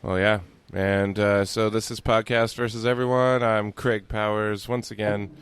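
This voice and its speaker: A low, flat-voiced man with a gravelly yet smooth tone, co-hosting a sports podcast. He tells relaxed, rambling stories full of fillers. The sound is close and dry. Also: a little slow, dry recording. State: on vacation, upbeat. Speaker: podcast co-host. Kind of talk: casual sports chat. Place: hotel room.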